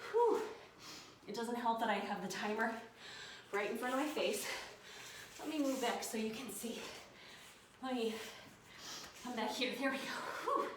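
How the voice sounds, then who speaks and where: A fitness instructor leads a workout video, panting and out of breath while calling out encouraging countdowns. Her slightly high voice stays fairly even at a normal speed, recorded from afar in an echoey, noisy room.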